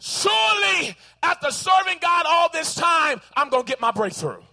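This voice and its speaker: A man preaching a sermon in a church, animated, acting out voices and rising to shouts. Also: extremely high pitch, normal speed, vocal fry.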